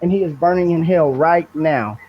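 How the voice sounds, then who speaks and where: A man's voice: on the high side, normal speed, slight background noise. A young man, a podcast guest, talking earnestly and bluntly in long rambling stories. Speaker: guest, brother of the subject. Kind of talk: emotional storytelling in a podcast interview. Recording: dull lo-fi recording.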